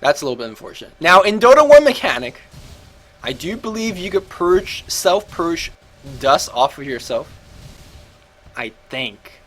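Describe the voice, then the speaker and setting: A man's voice: high voice, very animated, normal speed, fairly bright tone. Chatty man commentating a game. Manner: chatty, self-correcting, thinking aloud.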